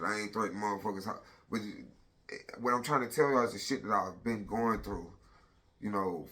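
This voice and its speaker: A man's voice: fairly low pitch, bright, forceful tone. A man in his thirties telling a personal story on a casual vlog, blunt and profane, retelling it with lots of energy.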